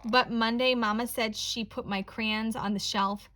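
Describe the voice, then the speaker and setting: A woman reading a children's picture book aloud in a slow, expressive, playful storytelling manner. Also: on the high side.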